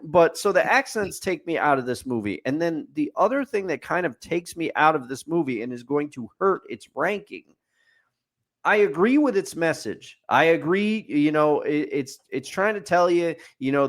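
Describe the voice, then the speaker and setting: Opinionated man with a fairly high voice. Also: animated, normal speed. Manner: opinionated, building lists with a repeated refrain. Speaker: podcast co-host. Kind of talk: casual sports podcast chat.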